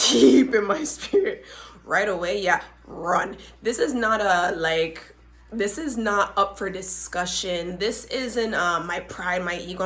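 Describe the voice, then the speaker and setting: A young woman hosts her own podcast and tells a story in a lively, dramatic way. She talks in a mid-range voice and keeps turning to her listeners with quick asides. Her delivery is casual and full of energy. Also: medium pitch. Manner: animated, dramatic retelling with frequent asides to listeners. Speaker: podcast host.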